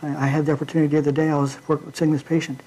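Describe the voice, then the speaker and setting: A man preaching an informal midweek sermon in a church, talking in a halting way with frequent fillers and restarts. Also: a little high, flat delivery, mellow, low-quality recording.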